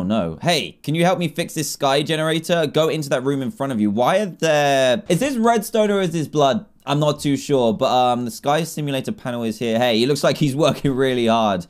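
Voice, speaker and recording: A young man giving excitable, jokey commentary while playing a block-building game, often laughing and yelling. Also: mid-range voice. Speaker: gaming video creator. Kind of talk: Minecraft let's play commentary.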